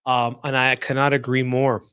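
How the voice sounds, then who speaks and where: A man's voice: mid-range voice, little pitch movement, fairly bright tone, clear, resonant tone, dry recording, studio quality. Enthusiastic man hosting a podcast. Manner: enthusiastic, halting, restarts and fillers. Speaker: podcast host. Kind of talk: casual interview chat.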